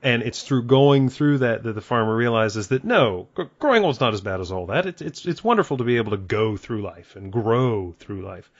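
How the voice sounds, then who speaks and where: Man, casual book discussion, thoughtful, halting, dry close sound. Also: medium pitch, expressive, no room sound, dull audio. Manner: thoughtful, hesitant with many fillers.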